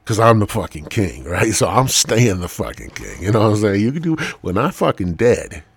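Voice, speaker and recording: A man's voice: fairly low pitch, big pitch swings, moderate pace, breathy edge, dry recording. A man hosting a podcast alone, rambling loosely through a profane monologue into a mic. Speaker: podcast host.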